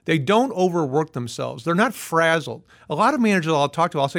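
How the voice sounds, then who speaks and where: A man with a notably high-pitched voice answers interview questions as a management consultant. He explains earnestly and lays his points out one by one. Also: big pitch swings, fairly quick, few pauses. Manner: earnest, list-driven explaining.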